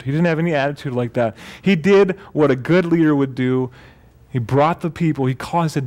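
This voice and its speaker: A male pastor with a somewhat high, slightly mellow voice delivers a brisk sermon in church. Conversational and light, he drops jokes and corrects his own slips along the way.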